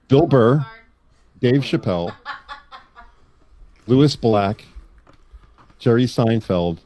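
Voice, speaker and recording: A man's voice: medium pitch, expressive, extremely slow, warm tone, no room sound. A man in a casual group chat, rambling and listing things off.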